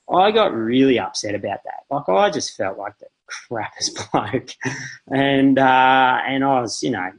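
A man's voice: lowish voice, moderate pace, low-quality recording. A man, a podcast guest telling stories in a casual, rambling, self-deprecating way with many fillers and restarts. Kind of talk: casual interview storytelling.

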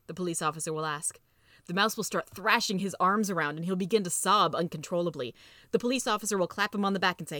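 A woman reading a storybook aloud as host, playful and expressive. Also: on the low side, fast talker, dry recording, studio quality. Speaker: reader and narrator. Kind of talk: scripted storybook narration.

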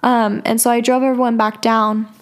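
Young adult woman, podcast host, slightly high-pitched; loose, filler-heavy storytelling with casual swearing. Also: flat delivery, normal speed, smooth. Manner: chatty, lots of filler "like", swears freely.

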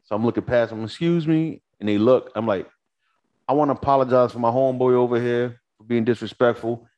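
A man's voice: mid-range voice, fast talker, dry recording, lo-fi sound. A man in his forties co-hosting a podcast, telling profane stories in a casual chat and acting out the voices of the people in them. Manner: animated, profane, acts out voices in anecdotes. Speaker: podcast co-host.

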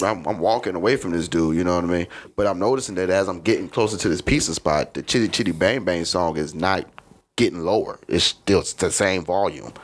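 A man from Chicago, a comedian guest in a podcast studio, telling a rambling, profane story in a casual way and often asking "you know what I mean". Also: sits low.

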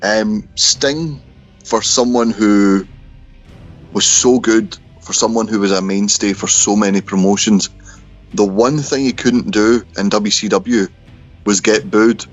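A man's voice: lowish voice, steady tone, slow pace, faint music behind. A man, co-hosting a casual podcast chat and going through old events at an easy pace. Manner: laid-back, chatty, swears. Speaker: podcast co-host. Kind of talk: casual chat about wrestling history. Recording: slightly dull lo-fi audio.

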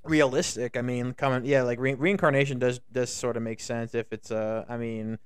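A man's voice: mid-range voice, fairly even intonation, normal speed, smooth, dry recording, studio quality. A young man co-hosting a podcast in casual chat, rambling and swearing with lots of restarts. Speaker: podcast co-host.

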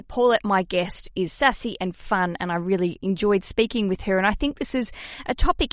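A woman's voice: mid-range voice, no echo, clean studio sound. A woman in her thirties with an Australian accent, hosting her podcast in a chatty, self-mocking way with casual swearing. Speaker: podcast host. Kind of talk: casual solo podcast chat.

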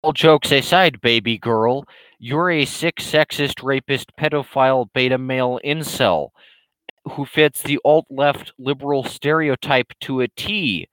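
A man voicing a belligerent, loudmouthed male internet troll in a higher, louder, slow and drawn-out ranting voice. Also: dry recording, natural voice, poor audio. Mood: mocking rant. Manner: ranting, insulting, drawn-out emphatic delivery.

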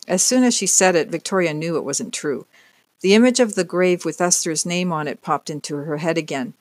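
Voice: medium pitch, fairly quick, no room sound. Dry, close audiobook narrator. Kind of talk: scripted narration.

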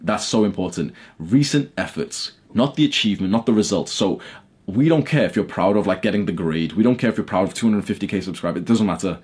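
A man's voice: fairly low pitch, lively intonation, fast talker, a little mellow, husky. A young man talking to camera from his bedroom, blunt and heated, swearing often as he rants. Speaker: YouTuber. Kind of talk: casual talk to camera.

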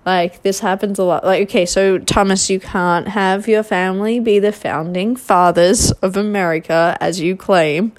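A woman's voice: mid-range voice, steady tone, normal speed, hardly any pauses. A young woman hosting a podcast, recapping a reality show in casual, gossipy chat with exasperated asides.

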